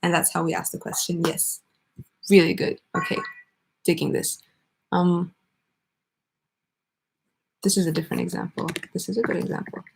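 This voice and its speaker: A woman teaching an online English grammar lesson, explaining step by step and pausing for student answers. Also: on the low side, flat delivery, gravelly, a little hiss or hum.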